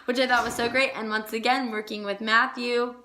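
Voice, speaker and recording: A woman's voice: on the high side, little pitch movement, brisk, pushed and bright. A young woman chatting casually on a vlog, gushing with lots of "like" fillers. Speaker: vlogger. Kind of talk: casual chat.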